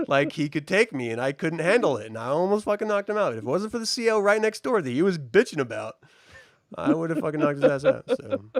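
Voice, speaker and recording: Man, middle-aged, casual podcast chat, lively swinging pitch, profane storyteller, dry close mic. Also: no room sound. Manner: profane, animated storytelling with laughs. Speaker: co-host reviewing a baking show.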